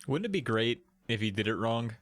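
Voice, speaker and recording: A man's voice: mid-range voice, lively intonation, fairly quick, a bit bright. A man co-hosting a podcast, chatting casually and making joking, sardonic asides. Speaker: podcast co-host. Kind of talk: casual chat.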